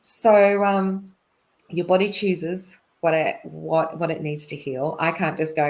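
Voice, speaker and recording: Chatty woman, lowish voice. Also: fairly even intonation, unhurried, darkish tone. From Australia. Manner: chatty, laughs often, many fillers and restarts. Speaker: podcast guest. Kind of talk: casual personal storytelling.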